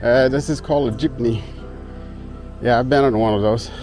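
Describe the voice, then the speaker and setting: A man's voice: mid-range voice, steady tone, normal speed, music in the background. A man vlogging casually on a rural trail, out of breath from the climb, easygoing and chuckling, recorded on a handheld camera. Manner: easygoing, chuckles often, greets locals. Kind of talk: casual travel vlog.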